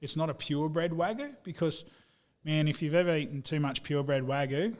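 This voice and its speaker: An Australian man chatting on a podcast, his voice sitting a bit high. He tells stories in an easygoing, blokey way and keeps peppering them with "mate" and "you know.". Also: moderate pace, darkish tone. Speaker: business owner. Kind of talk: casual podcast storytelling.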